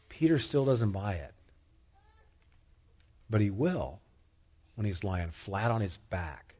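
A man preaching a sermon in a conversational way, asking the listeners questions and growing animated as he tells stories. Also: on the low side, takes it slowly, long pauses, husky. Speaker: pastor.

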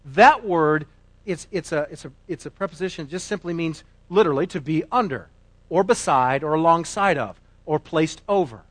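A man preaching a sermon, emphatic, moving between loud declarations and quiet asides. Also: fairly high pitch, expressive, moderate pace, dry recording. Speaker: pastor.

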